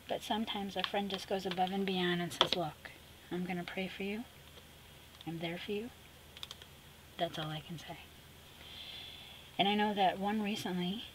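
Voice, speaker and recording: A woman talks her way through a collage in a chatty, casual vlog voice. She mutters to herself as she works and often sinks into a soft murmur. Her pitch sits in the middle, with a faint hiss behind her. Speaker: craft vlogger. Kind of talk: casual talk while crafting.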